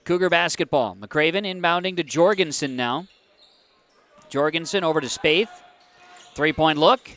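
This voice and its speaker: A man doing live play-by-play of a high school basketball game, with quick calls that jump up on big plays. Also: animated, a bit bright. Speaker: play-by-play announcer.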